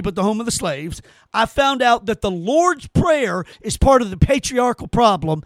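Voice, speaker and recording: Male host, very high and lively voice, heated profane rant, dry close sound. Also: no echo. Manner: heated, cursing, emphatic repetition. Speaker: podcast host. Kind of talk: angry opinion rant.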